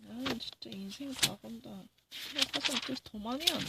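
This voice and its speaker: A woman's voice: on the high side, racing, vocal fry, heavy background noise. Grumbling woman reading definitions aloud. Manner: grumbling, indignant, talking to herself. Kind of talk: reading dictionary definitions aloud with running commentary.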